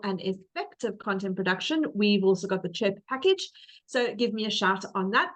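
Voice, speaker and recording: A woman's voice: fairly high pitch, a bit bright, rough recording. A woman hosting a podcast in casual chat. She is upbeat and effusive. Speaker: podcast host.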